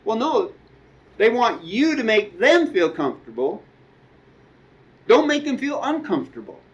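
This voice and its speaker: High, lively-voiced male preacher. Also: lo-fi sound. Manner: conversational, with asides and quoted dialogue. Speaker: guest preacher. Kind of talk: sermon.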